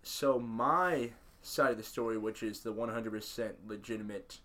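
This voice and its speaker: A man co-hosting a podcast from his own house, telling a first-hand story with wry, deadpan asides and halting restarts. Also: on the low side. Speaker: podcast co-host. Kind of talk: casual chat.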